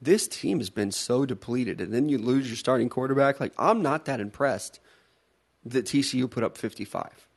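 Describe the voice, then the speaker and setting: A man's voice: mid-range voice, normal speed, vocal fry, slightly rough. A man co-hosting a podcast, chatting casually about college football bets, teasing and laughing often. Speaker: podcast co-host. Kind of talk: casual sports betting chat.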